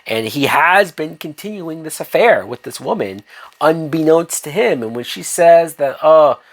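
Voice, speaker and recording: A man's voice: fairly high pitch, animated, measured pace. A man reviewing a TV episode in a ranting video review, sarcastic, profane and exasperated.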